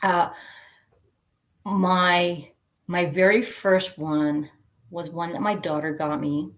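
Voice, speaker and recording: A woman's voice: fairly low pitch, fairly even intonation, slow. A middle-aged woman hosting a casual livestream, chatting and giggling as she reads viewer comments aloud. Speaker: livestream host. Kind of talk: casual chat with live viewers.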